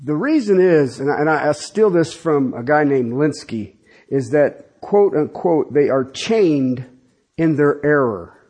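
Animated, husky-voiced man preaching a sermon. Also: fairly high pitch. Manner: animated, conversational preaching with asides and laughs. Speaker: pastor.

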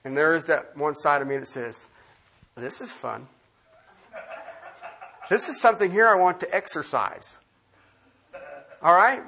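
A man's voice: sits high, fairly bright tone. A man preaching a sermon as pastor, emphatic and quizzing the congregation with questions.

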